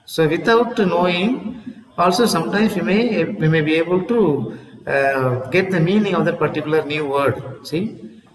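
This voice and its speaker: A man's voice: on the high side, measured pace, reverberant, big-room sound, recorded from a distance, poor audio. A man teaching an English lesson, repeating words aloud and checking in with "see?" as he explains. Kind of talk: classroom lesson on word stress.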